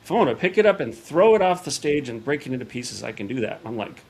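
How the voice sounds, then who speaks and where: A middle-aged man, a podcast guest, telling a personal story in a casual, animated way and acting out quoted dialogue. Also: mid-range voice, fast talker, gravelly, a little hiss or hum.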